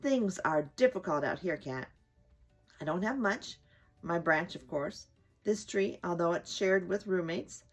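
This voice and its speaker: Preachy squirrel lecturing through a window, lively slow storybook delivery; woman reads it. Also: lowish voice, soft background music. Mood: wistful. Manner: lecturing, earnest. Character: chatty preachy male squirrel outside a window.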